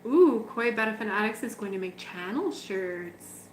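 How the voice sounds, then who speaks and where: A woman's voice: medium pitch, expressive, moderate pace, slight background noise. A woman hosting a casual livestream from her home fish room, chatting fondly and cooing at her fish while carrying the camera around. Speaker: betta fish breeder and channel host. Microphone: handheld camera moved around the room.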